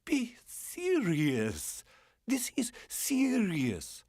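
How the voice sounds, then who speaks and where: A woman's voice: mid-range voice, huge pitch swings, drawn-out words, darkish tone, no echo, clean studio sound, voice pushed up, heavily acted. Male reader doing a frightened middle-aged woman for an audiobook: voice pushed far up, breathless and pleading. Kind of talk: audiobook reading.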